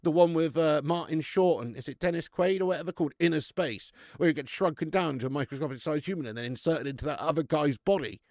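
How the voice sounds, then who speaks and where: A man's voice: a little high, fast talker, few pauses, a little mellow, dry recording, clean studio sound. A man, hosting a casual live stream and bantering with viewers in a chatty, matey way, laughing often.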